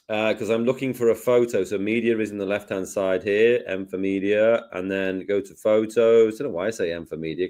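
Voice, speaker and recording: A man hosting a casual live software lesson, jokey and self-deprecating as he talks through each step. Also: lowish voice. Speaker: host, design tutor.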